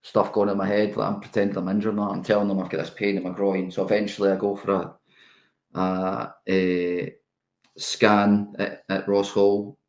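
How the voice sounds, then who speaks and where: A middle-aged Scottish former footballer, a guest telling lively anecdotes in a casual interview. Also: male voice, fairly low pitch, normal speed, echoey room. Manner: animated anecdote telling with laughs.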